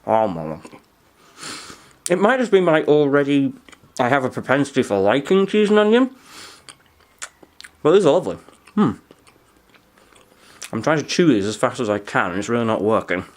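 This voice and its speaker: Brief: young guy, food vlogger, lively up-and-down delivery, dry asides, mouth sometimes full. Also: medium pitch, moderate pace, pauses often. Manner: dry, chatty, talks while chewing. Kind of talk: casual food review vlog.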